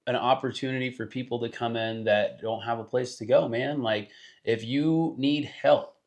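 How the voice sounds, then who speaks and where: A young man talking as a podcast guest in a relaxed, slangy way, tossing in bro and man. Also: mid-range voice, moderate pace. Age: young adult. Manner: laid-back slangy talk, says bro and man. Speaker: podcast guest, roofer and rapper. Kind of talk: casual podcast chat.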